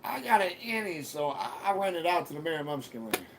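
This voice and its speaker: A man hosting a live stream in a loose, rambling monologue full of swearing and crude jokes. His voice sits a bit high for a man. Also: very animated, fast, background noise. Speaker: livestream host. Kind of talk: casual profane monologue.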